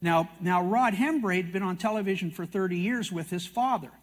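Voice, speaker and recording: An older man from Canada tells his testimony as a sermon, with a high voice. His manner is folksy and self-mocking. He mixes in acted quotes from other people. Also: a little fast. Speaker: TV prophecy teacher speaking at a meeting.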